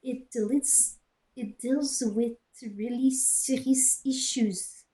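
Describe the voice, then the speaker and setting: A woman's voice: on the high side, steady tone, takes it slowly, dark tone, low-quality recording. A young woman streamer reading a story aloud with sarcastic asides and muttered jokes, into a cheap headset in a small closed room. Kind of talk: mocking dramatic reading with asides. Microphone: cheap gaming headset.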